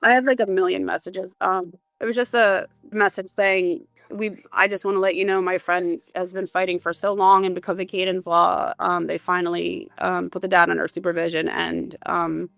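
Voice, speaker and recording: A woman with a low, gravelly voice shares casual stories as a podcast guest. She rambles and acts out what others said to her, with plenty of "like" and "um". The sound is dry and close. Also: level tone, normal speed, hardly any pauses, a bit bright, no room sound. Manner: rambling anecdotes with many fillers and acted-out quotes. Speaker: guest, bereaved mother and advocate.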